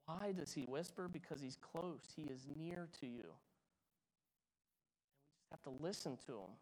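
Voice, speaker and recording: Preaching man, loud then hushed. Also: a little high, expressive, measured pace, rough recording. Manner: dramatic swings from loud to hushed. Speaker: pastor. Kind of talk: sermon.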